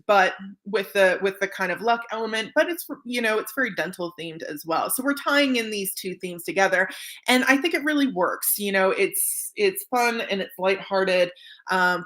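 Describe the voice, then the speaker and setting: A woman's voice: medium pitch, a bit bright. A woman hosting a casual livestream, chatty and upbeat, with lots of fillers and "right?" tag questions. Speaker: dental staffing livestream host.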